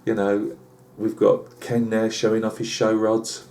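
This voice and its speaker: Chatty British bloke spinning a yarn. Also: male voice, fairly low pitch, completely flat delivery, a little slow, darkish tone, slight background noise. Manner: chatty, lots of asides and fillers. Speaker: channel host. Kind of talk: rambling comic tall tale.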